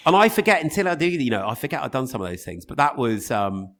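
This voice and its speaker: Radio man in his fifties, guest spot, quick and lively, restarts a lot. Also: mid-range voice. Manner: animated storytelling with restarts. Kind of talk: casual interview chat.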